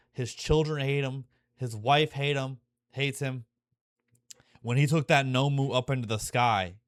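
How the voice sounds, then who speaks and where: A man's voice: medium pitch, no echo, studio quality. A young man talking casually and profanely, full of fillers and restarts, growing emotional and intense as he goes. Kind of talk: casual rambling monologue.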